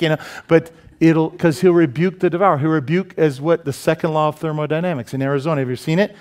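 A man preaching a sermon as pastor in a church, animated and joking, asking the congregation many questions. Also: fairly high pitch, fast, hardly any pauses, clean tone. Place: church sanctuary.

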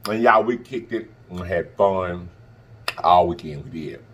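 A man's voice: sits low, unhurried, a bit bright, a little hiss or hum. A man vlogger talking casually to camera, chatty and repeating himself for emphasis. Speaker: mukbang vlogger.

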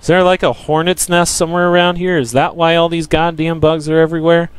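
A young man giving profane, frustrated gameplay commentary, yelling at enemies and joking with viewers. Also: a little high, level tone, fairly quick, clear, resonant tone, no room sound. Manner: jokey self-promotion to viewers. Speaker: let's play gamer.

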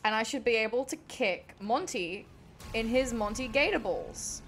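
A woman's voice: fairly high pitch, lively intonation, moderate pace, a bit bright, faint music behind. An Australian woman giving dramatic, exasperated let's-play commentary as a gaming streamer, swearing often.

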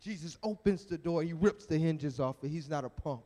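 High-voiced preacher telling a story. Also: male voice, normal speed. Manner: animated, dramatic storytelling. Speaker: evangelist. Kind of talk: storytelling sermon at a youth rally. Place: church sanctuary. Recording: echoey church sanctuary.

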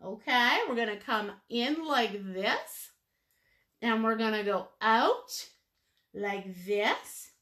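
Brief: woman art instructor, bright lively voice, unhurried, playful sing-song asides while teaching. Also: on the high side. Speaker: painting instructor. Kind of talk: live painting lesson, step-by-step instructions.

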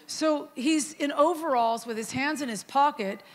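A middle-aged woman, a guest worship leader, preaching in a relaxed storytelling way and acting out dialogue in a softer, lower voice. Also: unhurried, big-room sound. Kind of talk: storytelling sermon.

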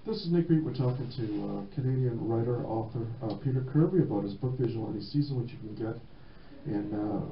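A man's voice: mid-range voice, fairly quick, echoey room, muffled recording, a little hiss or hum. A man hosting a community radio show, talking casually and loosely with fillers. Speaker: radio host.

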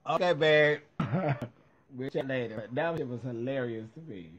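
A man's voice: mid-range voice, moderate pace, a bit bright, dull audio. A man hosting a casual video show, reacting in a sassy, profane way and laughing a lot.

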